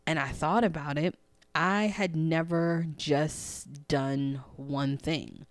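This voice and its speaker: Low-voiced woman telling a personal story. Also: slow, dry recording. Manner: expressive, acts out dialogue in a hushed voice; candid, chatty. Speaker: podcast host.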